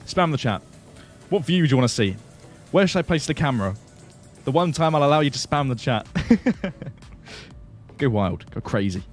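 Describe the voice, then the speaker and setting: A man's voice: medium pitch, sing-song, moderate pace, faint music behind. Chatty man hosting a flight sim stream. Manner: chatty, laughs often, answers chat questions. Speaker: livestream host flying a flight simulator. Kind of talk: casual livestream commentary.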